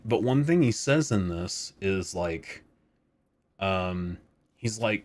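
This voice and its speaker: A man's voice: deep voice, slow. A man in his thirties chatting casually on a live stream, rambling, laid-back and swearing freely. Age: 30s.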